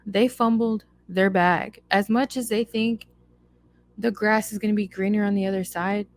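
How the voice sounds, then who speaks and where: A woman's voice: medium pitch, fairly even intonation, normal speed, dry recording. A young woman hosting a solo podcast, giving blunt, emphatic advice in a casual chatty way with lots of repetition. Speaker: podcast host.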